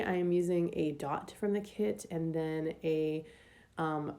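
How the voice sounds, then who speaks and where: Low gravelly-voiced woman chatting casually. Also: mellow. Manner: chatty, rambling, many ums and likes. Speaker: planner vlogger. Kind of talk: casual planner decorating voice-over.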